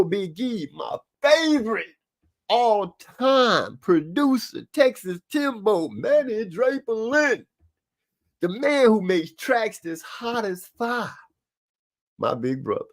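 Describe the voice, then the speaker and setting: A man hosting a live stream, giving rambling, casual boxing commentary with lots of asides. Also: high-pitched.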